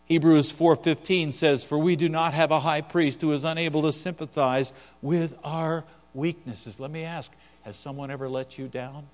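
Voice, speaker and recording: A fairly high-pitched man preaches a sermon, dropping to near-quiet and then building to loud, drawn-out emphasis. His voice carries a long reverb, as if from a large church sanctuary, with a low mains hum underneath. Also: fairly even intonation. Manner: preaching with swings from soft to loud. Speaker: pastor.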